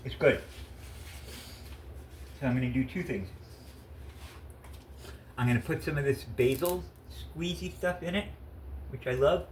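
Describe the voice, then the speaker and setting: A man's voice: medium pitch, measured pace, long pauses, a little hiss or hum, rough recording. A man casually chatting in his home kitchen while cooking, rambling with lots of fillers. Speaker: home cook vlogger.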